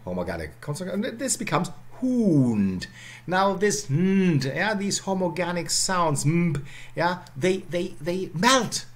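Lecturer, male, lively up-and-down delivery, repeats key words. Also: medium pitch. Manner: animated, repeats words and adds "yeah?" often. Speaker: university lecturer. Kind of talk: university lecture.

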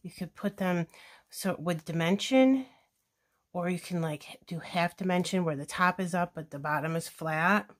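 A woman's voice: on the low side, normal speed. Chatty woman gushing over her craft project. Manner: chatty and gushing, thinks aloud while working. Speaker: scrapbooking crafter demonstrating a layout. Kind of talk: casual craft tutorial chat.

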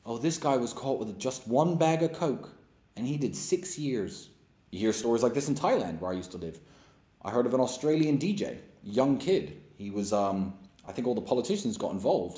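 A man delivering a blunt, mocking monologue to his live-stream audience, with heavy emphasis on his points. His pitch swings widely, rising sharply when he drives a point home. The sound carries the echo of a roomy space. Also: mellow. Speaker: livestream host.

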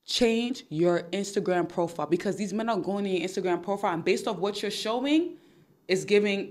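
A woman's voice: medium pitch, expressive, a little fast, a little mellow. A Nigerian woman hosting an advice podcast, emphatic and straight-talking, repeating her points. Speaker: podcast host.

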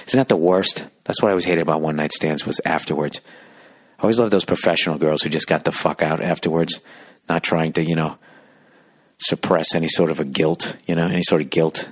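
A man's voice: very deep voice, steady tone, fairly quick, breathy edge. A man hosting a solo comedy podcast, ranting sarcastically and swearing as he riffs. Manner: sarcastic, profane, riffing. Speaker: podcast host.

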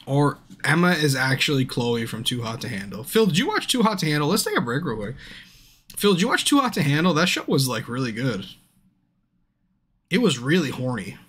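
A drunk man streaming a game, chatting casually, swearing constantly and bursting into yells at the screen. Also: medium pitch, big pitch swings, fairly quick, husky. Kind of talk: casual livestream commentary. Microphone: streaming mic.

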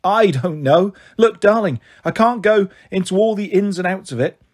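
Male reader as a busy, loving mum, husky and rushed. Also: high-pitched, a little mellow, pitched above the performer's own voice. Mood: hurried. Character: hospitalised mum, warm and hurried.

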